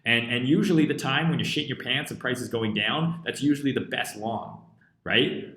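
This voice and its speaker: A man's voice: mid-range voice, normal speed, a bit bright, echoey room. Profane, blunt Canadian man streaming. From rural interior British Columbia, Canada. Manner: blunt and profane, heavy swearing. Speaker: crypto trading live streamer. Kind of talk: casual live-stream rant, reading chat.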